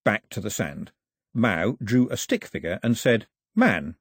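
A man reading a storybook aloud in an expressive, varied narration. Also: on the low side, measured pace, husky, no echo, studio quality.

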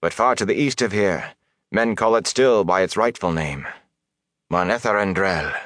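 A man voicing a commanding woman sorceress, speaking quietly but sternly. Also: low-pitched, moderate pace, no room sound, studio quality. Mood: solemn.

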